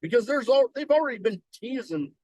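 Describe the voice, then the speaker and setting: A man's voice: very high-pitched, animated, fairly quick, darkish tone, dry recording, rough recording. A man co-hosting a podcast in casual chat, musing hesitantly and swearing now and then. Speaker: podcast co-host.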